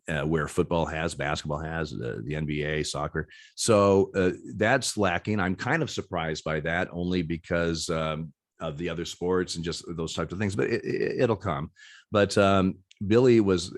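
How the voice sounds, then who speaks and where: A very low-pitched man in his sixties speaks as a podcast guest, candid and unhurried. He stumbles over his words, repeating them and starting over as he works through his thoughts. The sound is close and dry, with no room around it. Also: no echo. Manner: halting, stacks repeated words and restarts. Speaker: guest, former umpire. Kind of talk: candid interview conversation.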